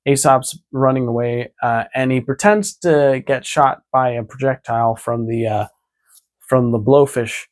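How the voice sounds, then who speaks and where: Rambling man recapping a cartoon. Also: mid-range voice. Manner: rambling, many fillers. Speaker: vlogger. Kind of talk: casual episode recap.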